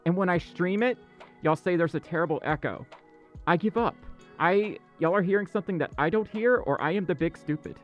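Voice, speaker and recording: A man's voice: sits high, a little fast, lo-fi sound, soft background music. A man hosting a casual livestream chat, flustered, stammering and apologetic. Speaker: livestream host. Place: dark room indoors.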